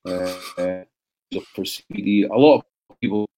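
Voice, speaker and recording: A man's voice: lowish voice, normal speed, mellow, soft background music. Sweary man chatting on a livestream. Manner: swearing, banter with viewers. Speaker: livestream host. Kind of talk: casual livestream chat.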